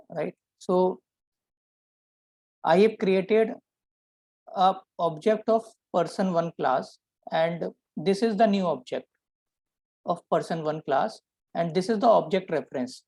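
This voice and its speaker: A man teaching a programming lesson, explaining step by step and often checking in with a quick "right?". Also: high voice, a little mellow, dry recording, poor audio. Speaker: programming instructor. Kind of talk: live coding lesson.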